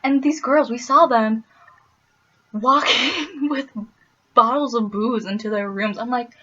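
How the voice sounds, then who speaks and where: A woman's voice: on the high side, measured pace, husky, lo-fi sound. Chatty young woman from Wisconsin. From Wisconsin, US Midwest. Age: young adult. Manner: animated, laughing often, playful asides. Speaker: vlogger. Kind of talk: casual storytelling vlog.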